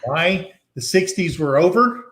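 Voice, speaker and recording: A man's voice: sits high, animated, unhurried, fairly bright tone. A man in his sixties hosting a casual chat and telling a folksy story, acting out the dialogue.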